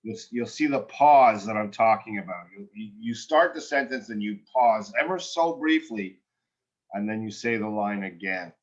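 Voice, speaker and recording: A man's voice: on the low side, lively intonation, moderate pace, dull audio. A man working as an acting coach, giving a student direct and encouraging feedback in a one-on-one session, often restarting his sentences.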